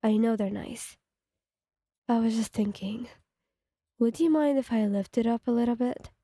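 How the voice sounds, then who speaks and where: A woman voicing a pushy, lecherous teenage schoolboy in a flat read-aloud fan story. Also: a little high, moderate pace, no echo, clean studio sound.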